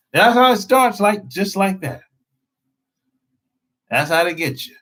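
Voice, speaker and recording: A man hosts a live stream as a dating coach. He talks slowly and bluntly, in slang, with a slightly high voice, and goes back over the same points. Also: animated, fairly bright tone, rough recording. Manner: slangy, blunt, repeats himself. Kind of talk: casual live-stream talk.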